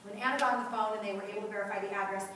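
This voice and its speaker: As a guest speaker at a mothers' group, a woman gives a vivid personal testimony, acting out the voices of the people in her story. Her medium-pitched, slightly bright voice is steady in tone but racing, heard from far off in an echoey room with slight background noise.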